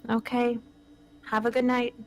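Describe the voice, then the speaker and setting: A man doing a gentle caring young woman in falsetto. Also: completely flat delivery, a little slow, a little hiss or hum. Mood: concerned. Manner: soft high falsetto.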